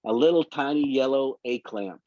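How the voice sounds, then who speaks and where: A warm, mid-range male voice at a moderate pace belongs to a photographer guest who tells long, meandering stories about his work in a relaxed interview. Sound quality is dull, dry and lo-fi, with no echo.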